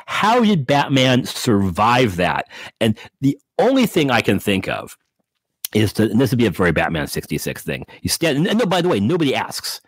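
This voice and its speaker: Low husky man, lively pitch, dry close sound, casual comic book chat. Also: dry recording. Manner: animated, breaks into quick character voices. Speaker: podcast co-host.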